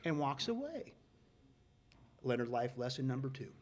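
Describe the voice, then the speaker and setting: A middle-aged man telling stories in a casual, folksy way, getting loud and excited at the punchlines. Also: mid-range voice, normal speed, pauses often. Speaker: guest storyteller. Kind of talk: casual storytelling.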